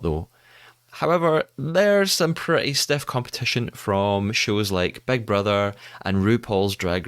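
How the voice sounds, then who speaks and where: A man's voice: mid-range voice, fairly bright tone, no room sound. A man from the UK hosting a podcast, narrating news and chatting with a guest with upbeat, playful emphasis. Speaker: podcast host. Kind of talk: podcast narration and casual chat.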